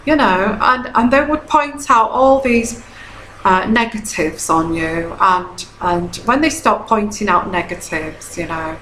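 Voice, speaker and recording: A woman's voice: medium pitch, a little slow, fairly bright tone, a little hiss or hum. A woman, a tarot reader giving casual advice in a chatty, repetitive way and often checking in with "okay?". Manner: chatty, repeats herself, frequent "okay?" checks. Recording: echoey room.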